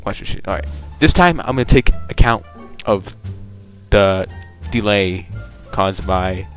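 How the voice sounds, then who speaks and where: A young man giving casual, profane, joking commentary while playing a game online, rambling and bursting into loud excitement. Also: deep voice, a little slow, soft background music. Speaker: gaming video creator.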